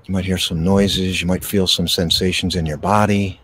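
A man hosting a podcast, guiding a slow, soothing breathing meditation outdoors. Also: low-pitched, breathy edge. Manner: slow, soothing, calm delivery with pauses. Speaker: podcast host and meditation guide. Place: outdoors in a park. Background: birds.

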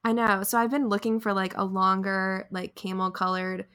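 Bright-voiced chatty young woman. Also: mid-range voice, fairly even intonation, normal speed, smooth. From near Raleigh, North Carolina. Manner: chatty, lots of "like", laughs often. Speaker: podcast co-host. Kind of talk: casual chat.

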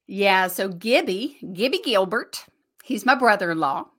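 A woman with a Southern US accent co-hosting a podcast over a video call, animated and teasing, laughing often. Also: mid-range voice, measured pace. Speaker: podcast co-host. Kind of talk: casual chat.

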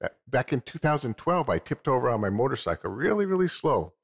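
A man, an inventor guest, telling his story in a TV interview with halting restarts and chuckles. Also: mid-range voice, sing-song, creaky, slightly rough.

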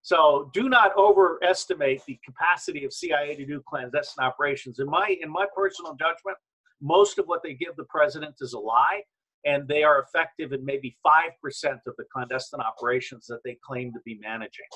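A man with a husky, somewhat high voice talks in a forceful, emphatic way, jumping between claims. He comes through a video call whose audio glitches and turns robotic at times. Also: fairly quick, poor audio. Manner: emphatic, rambling, combative. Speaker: guest. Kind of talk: opinionated remote interview.

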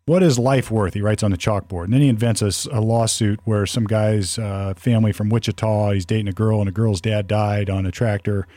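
A man's voice: fairly low pitch, flat delivery, brisk, few pauses, dark tone, no echo. A man chatting casually as a podcast co-host, rambling with many restarts and fillers. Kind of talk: casual conversational talk.

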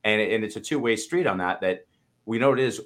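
A man's voice: lowish voice, brisk, fairly bright tone. A man co-hosting a podcast, speaking in a candid, reflective way that rambles and restarts. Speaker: podcast co-host. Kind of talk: casual conversation.

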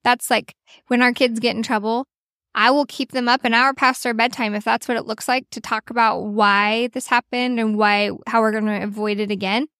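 Earnest woman podcast host, bright pitch. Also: normal speed, no echo, clean studio sound. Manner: earnest, animated storyteller. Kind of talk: casual podcast chat.

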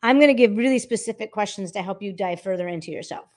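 Woman, vocal coach, casual interview, animated, mid-range voice. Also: medium pitch, quick pace. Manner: animated, demonstrates by singing snippets.

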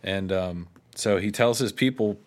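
A man's voice: lowish voice, measured pace. A man co-hosting a casual chat, retelling an old legend with quoted lines and offhand asides. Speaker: podcast co-host.

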